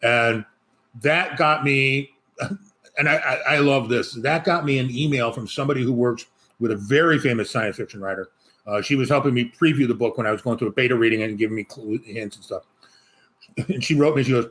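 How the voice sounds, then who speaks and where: A man's voice: mid-range voice, fairly quick, fairly bright tone. A man talking as an author guest in a casual interview, rambling and joking with many restarts. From Chicago.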